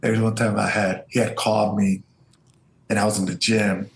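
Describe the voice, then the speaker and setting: A man's voice: fairly low pitch, normal speed, creaky. A man, an Air Force veteran, telling stories as an interview guest and acting out the voices of people he quotes. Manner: animated storyteller, acts out quoted voices. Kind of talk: casual storytelling interview. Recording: roomy echo.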